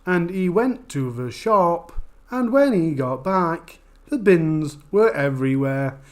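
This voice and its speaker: A slow, over-careful male narrator drags out every word, as a Yorkshire man mimics him. Each phrase is stretched out in a lifted, mocking tone. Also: on the high side, expressive, a little mellow. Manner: drawn-out, deliberate and mocking.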